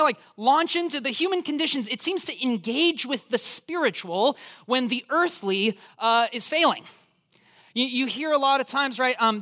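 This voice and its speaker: A man preaching a sermon as pastor, telling a humorous story in an animated, joking way. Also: very high voice. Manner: animated, joking storyteller, acts out quoted voices.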